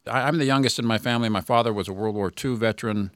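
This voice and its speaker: Earnest low-voiced male host. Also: clear, resonant tone, no room sound, studio quality. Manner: earnest, halting with restarts. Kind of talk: community radio interview.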